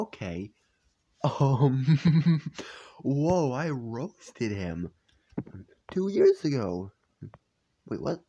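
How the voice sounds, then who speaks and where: A young man reacting to his own old videos in a hushed, half-whispered voice, incredulous and amused. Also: on the high side, slight background noise. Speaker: YouTuber. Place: home at night.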